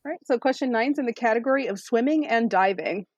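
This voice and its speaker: A woman hosting a trivia podcast, reading questions in a clear, measured way. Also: a little high, expressive, a little mellow, lo-fi sound. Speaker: quiz host.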